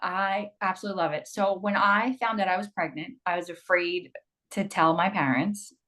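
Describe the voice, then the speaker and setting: Animated woman flight attendant. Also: on the low side, moderate pace. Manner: animated storyteller acting out quoted voices with laughs. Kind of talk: casual interview chat.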